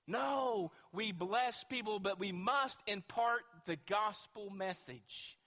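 A man's voice: high-pitched, takes it slowly, pushed and bright. A man preaching a sermon as pastor, emphatic and asking the congregation rhetorical questions. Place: church sanctuary with long reverb. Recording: reverberant church hall.

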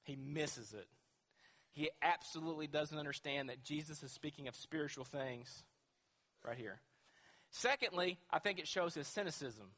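Emphatic high-voiced male pastor preaching. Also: normal speed, a bit bright. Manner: emphatic, asks the congregation rhetorical questions. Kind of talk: sermon. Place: church sanctuary with long reverb. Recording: reverberant church hall.

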